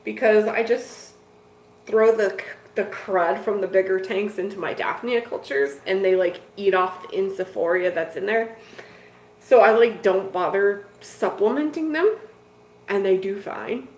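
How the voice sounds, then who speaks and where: A woman's voice: medium pitch, a little slow, a little mellow. A woman hosting a casual fish-keeping live stream from a home room full of tanks, rambling along to her viewers with plenty of "like" and "dude". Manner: rambling and chatty, with lots of "like" and "dude". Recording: echoey room with faint noise.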